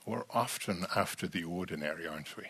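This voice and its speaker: A man preaching a sermon, animated and full of rhetorical questions to the congregation, often repeating words as he restarts. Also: low voice, a little fast, slightly rough.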